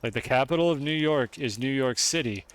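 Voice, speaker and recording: A young male streamer chats casually and profanely with his viewers while gaming, rambling, joking and narrating his moves. His voice is average in pitch and a little fast, and the recording is very noisy.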